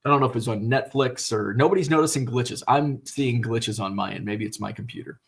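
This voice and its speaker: A man's voice: mid-range voice, a little fast, gravelly. A middle-aged American man hosting a live stream, chatting casually and rambling with lots of fillers and restarts, now and then swearing. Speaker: host. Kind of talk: casual livestream chat.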